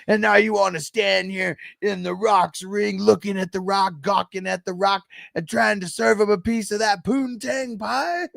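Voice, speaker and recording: A man doing an impression of a trash-talking male pro wrestler who taunts loudly and speaks of himself in the third person. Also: high-pitched, fairly even intonation, moderate pace, vocal fry, few pauses, no room sound, studio quality, pitched above the performer's own voice, full character voice. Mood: taunting.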